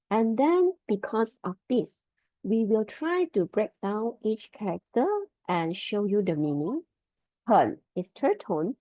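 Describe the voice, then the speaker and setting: A woman leads an online Mandarin lesson, repeating each word and tone with slow patience. Her pitch swoops up and down as she models the tones. The sound is dry and muffled, like a video call. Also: no echo. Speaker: Mandarin teacher. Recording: dull lo-fi video call audio.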